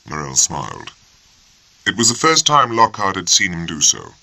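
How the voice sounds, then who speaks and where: A man narrating an audiobook in a measured, steady storytelling manner, close to the mic. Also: sits low, creaky, no echo. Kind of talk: scripted narration.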